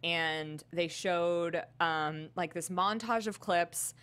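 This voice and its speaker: Co-host, young woman, lower register, excitable storyteller, filler-heavy casual delivery. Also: takes it slowly, clear, resonant tone. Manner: animated storytelling, heavy use of "like". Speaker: podcast co-host. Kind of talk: casual chat.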